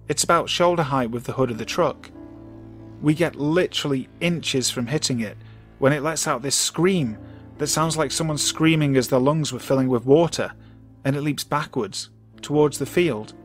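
A man narrating a scary story in a calm, measured way, slowing down for suspense. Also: medium pitch. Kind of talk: scripted narration. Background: soft music.

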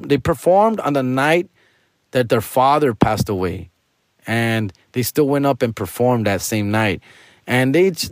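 A man's voice: mid-range voice, darkish tone, dry recording, studio quality. A male stand-up comedian telling a personal story to listeners in a casual, candid way, full of street slang. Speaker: stand-up comedian, podcast host.

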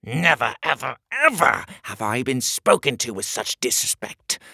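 A man's voice: medium pitch, lively intonation, moderate pace, vocal fry, bright, forceful tone, slightly rough, no echo, studio quality, voice pushed up, full character voice. A man playing a sneering, arrogant king. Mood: scornful. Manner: sneering and imperious. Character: arrogant, spiteful male king.

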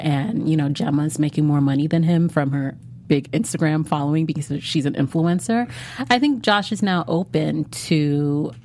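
A woman's voice: low-pitched, moderate pace, darkish tone. A woman co-hosting a podcast, chatting enthusiastically in a casual TV recap. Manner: chatty, enthusiastic, trails off and restarts. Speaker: podcast co-host.

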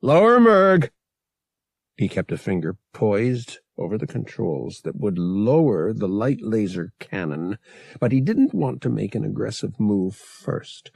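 Gravelly, husky male audiobook narrator. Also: fairly low pitch, dry recording. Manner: steady storytelling, brisk in action.

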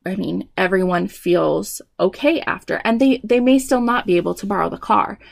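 Woman, 30s, parenting advice talk, gravelly fry, dry sound. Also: mid-range voice, normal speed, dry recording. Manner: warm explanatory, acts out quoted dialogue with kids. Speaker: parenting educator.

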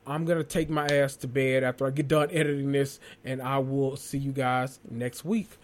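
A man's voice: mid-range voice, level tone, normal speed. A man hosting a solo podcast, rambling enthusiastically about movies he loves and talking to listeners as y'all. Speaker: podcast host.

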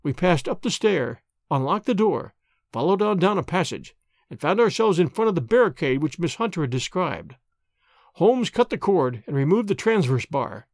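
A man narrating a classic detective story with expressive, dramatic reading. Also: high-pitched, moderate pace, no room sound, studio quality.

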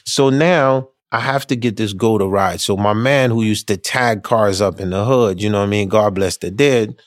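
A man telling a funny story casually, animated and slangy, acting out the other people's voices. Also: fairly low pitch, normal speed, dry recording, clean studio sound. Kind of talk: casual anecdote.

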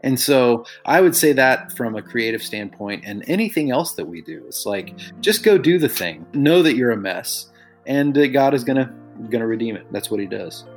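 A man's voice: mid-range voice, lively intonation, normal speed, faint music behind. A middle-aged man speaks as a podcast guest, earnest and reflective as he tells personal stories. He livens up when he quotes other people, then settles back into a thoughtful, conversational tone. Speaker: guest, songwriter and author. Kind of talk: conversational storytelling.

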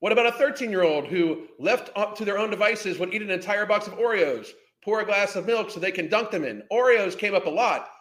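A man with a notably high voice rants furiously, swearing and insulting as he goes. His voice rings in a roomy, echoey space, with a hard commentary-channel edge. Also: lively intonation, brisk, few pauses, a bit bright. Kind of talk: profane reaction rant.

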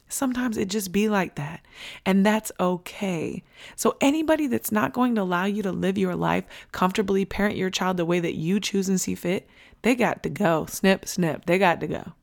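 A woman's voice: mid-range voice, animated, brisk, gravelly. A woman hosting a podcast, talking candidly and bluntly, swearing casually and repeating points for emphasis. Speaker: podcast host. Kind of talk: candid motivational podcast talk.

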